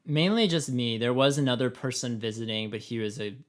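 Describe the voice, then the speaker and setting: A man with a raspy voice, co-hosting a podcast in casual, rambling chat full of fillers. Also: mid-range voice, brisk. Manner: rambling, many fillers and laughs. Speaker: podcast co-host.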